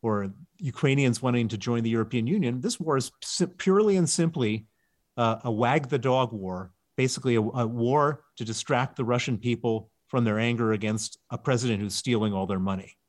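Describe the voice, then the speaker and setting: A man answers questions as a guest author in an interview. He explains emphatically and leans hard on his key words. His voice sits at an ordinary middle pitch. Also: brisk.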